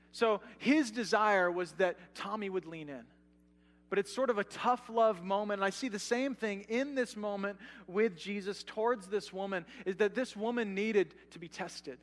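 Man, pastor, conversational sermon, high-pitched voice, long hall reverb. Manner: conversational, animated preaching with asides to the congregation.

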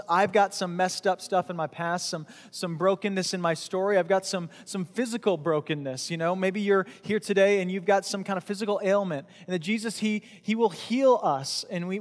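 A man preaching a casual, conversational sermon, joking and bantering with his congregation. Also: high-pitched. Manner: chatty, jokey, talks with the crowd. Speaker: pastor. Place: church hall with audience. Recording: long hall reverb.

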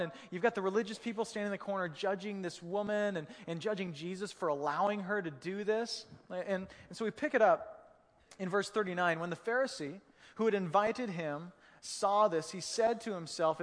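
A man preaching a sermon, a pastor telling the story in a casual, humorous way with vivid detail. His voice sits high for a man. The sound rings with the long reverb of a big hall. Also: brisk.

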